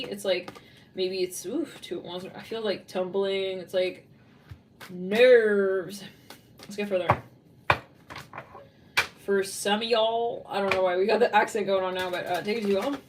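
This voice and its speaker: Recorded on a distant mic amid background noise, a woman delivers a loose, meandering tarot reading in a Californian accent. Her mid-range voice is peppered with laughter and plenty of "like."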